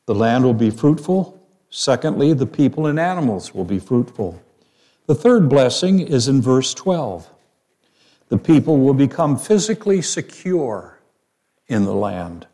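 A man preaching in a slow, unhurried way, his voice mellow and warm. He reads scripture passages aloud and explains them verse by verse. Now and then he stops to put a question to his listeners. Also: medium pitch. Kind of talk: sermon, Bible teaching.

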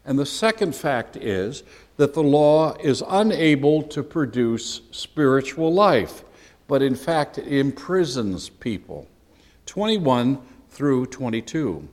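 Man, pastor, sermon, slow deliberate delivery, emphatic, church hall reverb. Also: mid-range voice. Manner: animated, emphatic, conversational preaching with asides. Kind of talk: sermon, Bible teaching.

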